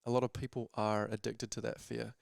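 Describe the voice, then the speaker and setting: A man's voice: fairly low pitch, level tone, brisk, creaky, clean tone, dry recording, clean studio sound. A man co-hosting a podcast, earnestly building up to a question, with stuttering restarts. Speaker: podcast co-host. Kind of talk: reflective conversational question.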